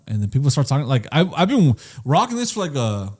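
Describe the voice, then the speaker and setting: Young male podcast co-host, rambling and profane, lively pitch, close mic. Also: fast talker, breathy edge. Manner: laughing, profane, rambling with many fillers. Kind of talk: casual comedic chat.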